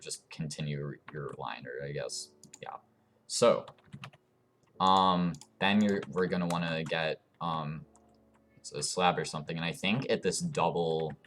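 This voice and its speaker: Man with a very deep voice, rambling tutorial. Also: fairly bright tone, a little hiss or hum. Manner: rambling, meandering explanations. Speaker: tutorial YouTuber. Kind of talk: casual game tutorial commentary.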